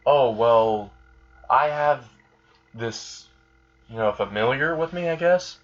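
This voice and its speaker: A man's voice: mid-range voice, animated, takes it slowly, lo-fi sound. A man doing a polite eager young man.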